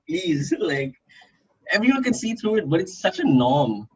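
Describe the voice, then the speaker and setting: Lively husky young man, lo-fi. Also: sits high, moderate pace. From Bangalore, India. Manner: animated, profane, laughs often. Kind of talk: casual chat. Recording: dull lo-fi sound.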